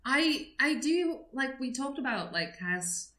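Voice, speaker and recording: A woman's voice: sits high, lively intonation, slow, background noise. A woman co-hosting a fan podcast, chatting playfully and giggling often. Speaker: podcast co-host. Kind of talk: casual fan podcast chat. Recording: roomy echo.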